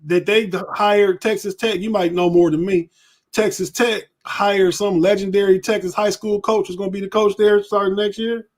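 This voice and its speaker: A man's voice: high-pitched, flat delivery, normal speed. A man co-hosting a sports podcast, talking in a laid-back, colloquial way and often repeating words. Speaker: podcast co-host. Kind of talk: casual sports chat.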